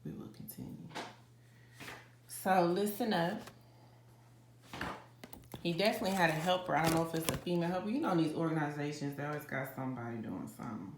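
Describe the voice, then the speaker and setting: Brief: woman tarot reader, low voice, dramatic and chatty with viewers, roomy kitchen echo. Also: fast talker, background noise. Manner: dramatic, talks straight to viewers with "y'all". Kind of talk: casual psychic reading to camera. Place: home kitchen.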